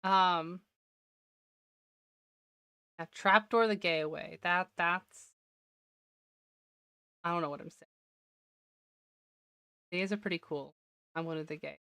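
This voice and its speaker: A woman streamer chats her way through a building session, talking to herself and laughing often. Her voice sits a little low yet sounds bright and crisp, with a slight wear to it. It is captured dry and close on the mic. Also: takes it slowly, long pauses, dry recording. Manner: chatty self-talk, laughs often. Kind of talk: casual gameplay commentary.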